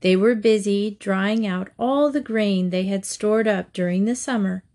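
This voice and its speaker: A woman reads storybook fables aloud at a middle pitch. Her delivery is clear and measured, a steady storytelling voice. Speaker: narrator.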